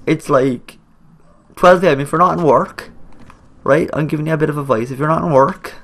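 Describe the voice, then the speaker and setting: A man's voice: fairly high pitch, fairly quick, a bit bright. Rambling young Irish man gaming. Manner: rambling, jokey, talks back at the game characters; coarse slang and swearing. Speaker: gaming YouTuber. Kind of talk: let's play commentary.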